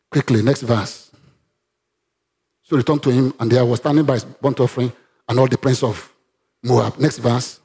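Animated Nigerian pastor, lively pitch. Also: male voice. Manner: animated preaching with sudden loud rises. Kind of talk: sermon with Bible reading.

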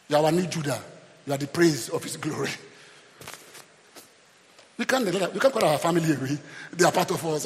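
A man preaching a sermon in a church, animated, rising to shouts and acting out the characters of the story he retells. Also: a little high, fast talker, pauses often. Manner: animated, shouting peaks, acts out Bible characters. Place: church hall. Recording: long hall reverb.

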